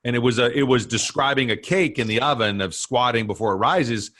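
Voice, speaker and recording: A man's voice: mid-range voice, brisk, fairly bright tone. A man hosting an interview, agreeing with his guest often and adding sayings of his own. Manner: affirming, chiming in with short agreements. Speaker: interview host. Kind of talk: conversational interview.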